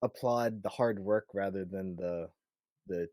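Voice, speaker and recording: A man hosting a podcast in casual chat, playful and animated, acting out little voices. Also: deep voice, a little slow, dry recording. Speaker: podcast host.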